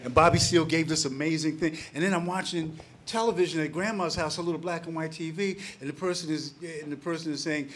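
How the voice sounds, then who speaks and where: A man in his sixties, a panelist telling a personal story to a packed live audience, animated and acting out the voices of the people in it. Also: fairly high pitch, fast talker, a little hiss or hum. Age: 60s. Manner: animated, acts out quoted voices, laughs between lines. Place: packed public panel gathering.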